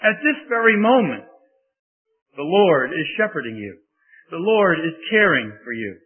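Slow, husky-voiced preacher on a tinny recording. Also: male voice, fairly high pitch, very animated. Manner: slow, deliberate preaching with rising emphatic peaks. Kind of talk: sermon. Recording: tinny phone-like sermon recording.

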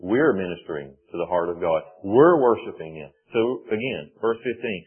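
A man preaching a sermon at a church service, speaking in measured, emphatic phrases with short breaks. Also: low voice, expressive, slightly rough. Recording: tinny phone-like sound.

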